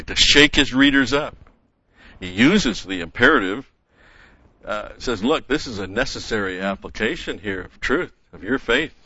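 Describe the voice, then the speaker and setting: A man with a lowish, forceful voice delivers a methodical verse-by-verse Bible lesson, stopping to explain grammar. The sound is dry and close, with a slightly dull, lo-fi quality. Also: dry recording. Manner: methodical, explains Greek grammar, frequent "okay?" and "uh". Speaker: Bible teacher.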